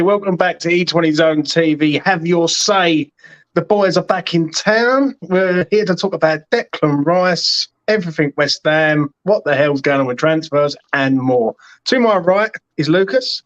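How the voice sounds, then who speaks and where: A man's voice: a little high, moderate pace, dull audio. Chirpy man hosting. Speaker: host. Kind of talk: casual chat.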